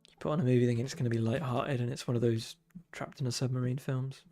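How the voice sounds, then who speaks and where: A man's voice: mid-range voice, steady tone, fast talker, mellow. A young man streaming, chatting casually while he draws, with dry self-deprecating humor. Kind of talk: casual chat while drawing.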